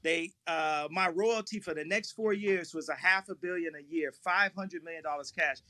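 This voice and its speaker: High, bright-voiced man speaking emphatically. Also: moderate pace, no echo. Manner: rambling, emphatic, repeats himself. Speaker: interview guest. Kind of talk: live audio chat room conversation.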